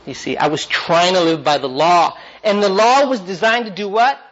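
A man's voice: high-pitched, moderate pace, a bit bright, muffled recording. A man teaching a Bible class, asking the class questions and driving his points home with energy.

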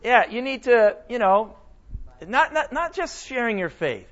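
A man teaching a Bible lesson in a casual, animated sermon style, often asking his listeners questions. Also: very high voice, measured pace, lo-fi sound. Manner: animated, conversational, asks the audience questions.

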